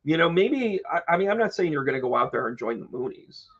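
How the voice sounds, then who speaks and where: Gravelly-voiced man chatting on a stream. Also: on the high side, very animated, fast talker, a bit bright, highs cut off. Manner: chatty and joking, talking to viewers by name. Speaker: astrologer and tarot reader hosting a live stream. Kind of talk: casual live stream chat.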